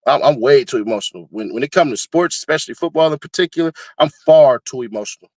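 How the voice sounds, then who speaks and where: A male commentary host talks fast and animatedly, laughing a lot and sometimes bursting into high-pitched screaming bits. His tone is darkish, with no echo.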